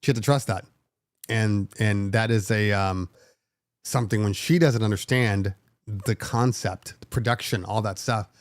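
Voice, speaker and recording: A man's voice: lowish voice, measured pace, no echo. Middle-aged male podcast host, dry close sound. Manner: animated, emotional retelling with many fillers. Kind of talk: casual storytelling.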